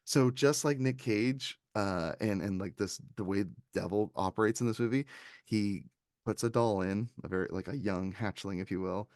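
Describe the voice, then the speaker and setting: A low, gravelly man talking through a film in casual podcast chat. He gets animated and slips into small impressions of the characters. The sound is dry and close. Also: normal speed, no room sound. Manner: animated, quoting scenes in little put-on voices. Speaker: podcast co-host reviewing films.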